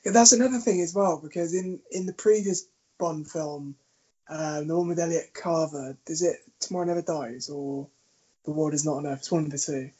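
A podcast co-host with a slightly high, slightly rough voice talks at a normal speed, swearing freely and laughing a lot as he tells animated stories in casual chat. The recording has a dull, lo-fi sound.

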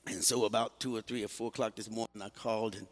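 A man's voice: lowish voice, steady tone, fast talker. A man, a pastor, chatting with his congregation during a church service and often breaking in with "amen". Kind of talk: sermon and greeting the congregation. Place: church sanctuary.

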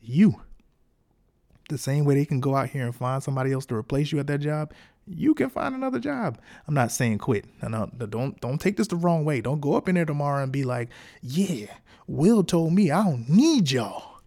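A man hosting his own podcast in a casual solo monologue. He talks frankly and encouragingly, in relaxed everyday slang. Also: medium pitch, fairly quick, creaky. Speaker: podcast host.

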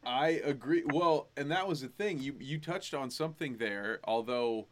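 A man's voice: medium pitch, moderate pace, noisy background. A young adult man co-hosting a podcast, talking animatedly and rambling about a horror film, laughing often. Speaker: podcast co-host. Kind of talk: casual movie review chat.

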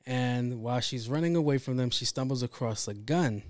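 A man's voice: medium pitch, moderate pace, no room sound, studio quality. A man hosting a podcast, talking in a casual, rambling monologue full of swearing and self-interruptions. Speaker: podcast host.

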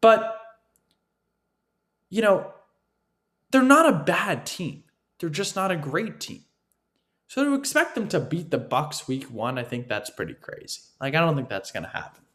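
A man's voice: on the high side, very animated, unhurried, long pauses, a bit bright. A man delivering an opinionated football analysis monologue, emphatic and repetitive, often asking his listeners "right?". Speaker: sports commentator.

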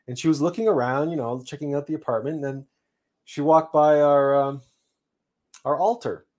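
A man hosting a livestream, telling a personal story in an unhurried, reflective way with frequent restarts. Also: a little high, fairly even intonation, a little mellow. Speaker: livestream host.

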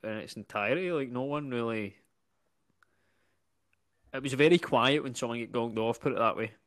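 A Scottish comedian in casual chat, joking and riffing on absurd ideas. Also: male voice, medium pitch, moderate pace, a bit bright, no room sound.

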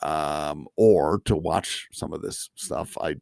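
Low gravelly-voiced man chatting casually. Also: a little mellow, no echo, studio quality. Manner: chatty, halting restarts, frequent laughs. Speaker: podcast co-host. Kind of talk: casual chat.

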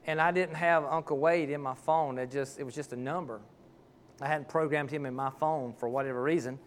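A man's voice: fairly high pitch, fairly even intonation, a little fast, slight background noise. A man, a pastor preaching a sermon and telling heartfelt, folksy stories.

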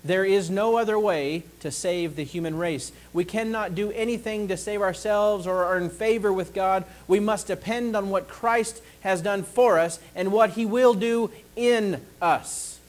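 A man preaching a sermon, slow and deliberate, pausing to ask the congregation for an amen. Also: sits high, rough recording.

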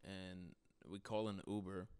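A man's voice: low-pitched, little pitch movement, measured pace, a little mellow, clear, resonant tone. A man hosting a podcast, casually telling profane, laugh-filled stories about a trip with friends. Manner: laid-back, profane, laughs through his stories. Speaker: podcast host. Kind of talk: casual storytelling chat.

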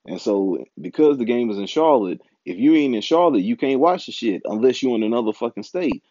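This married adult podcast host rambles through a casual, profanity-filled rant, clearly frustrated. He speaks fairly fast in an animated, warm, mid-range voice with no echo. The recording, made at home, sounds dull, dry, and lo-fi.

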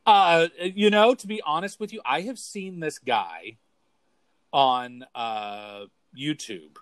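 A man's voice: a little high, slow, a bit bright, no room sound. A man co-hosting a casual talk show, rambling and repeating words as he searches for what to say. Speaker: podcast co-host. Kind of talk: casual chat.

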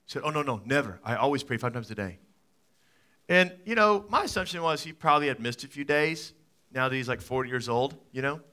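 A man in his thirties preaching a sermon as a pastor, telling stories with lively swings from loud excitement to quiet, soft talk. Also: mid-range voice, fairly quick. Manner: animated storytelling, rising to loud excited peaks then dropping soft.

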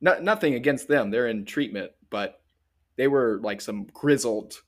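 A man speaks in casual podcast chat at a medium pitch. He talks hesitantly and self-deprecatingly. He often stops and restarts his sentences. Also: lively intonation, a little slow. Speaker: podcast co-host.

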